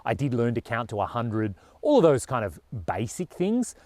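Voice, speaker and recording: A man's voice: mid-range voice, big pitch swings, moderate pace, a little mellow, no echo. A man with an Australian accent talking earnestly and casually to camera as a travel vlogger, with a lot of "you know".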